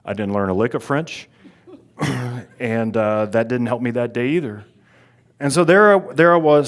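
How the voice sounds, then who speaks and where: A man in his forties from South Louisiana, telling a story in a lively, conversational way to a church audience and acting out his own reactions. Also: mid-range voice. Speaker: speaker at a Catholic Advent mission. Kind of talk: storytelling talk.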